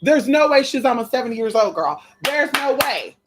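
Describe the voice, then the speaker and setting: A woman's voice: high voice, animated, normal speed, background noise. A woman vlogger telling a story in casual chat, gossipy, calling listeners girl and honey, swearing and repeating phrases for emphasis.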